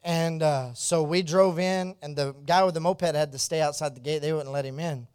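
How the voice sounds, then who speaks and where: Animated storytelling man, fairly high voice. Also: normal speed, clean tone, no echo, studio quality. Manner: animated, laughs often and acts out the dialogue; drops to a hushed, earnest tone when serious. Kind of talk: storytelling testimony.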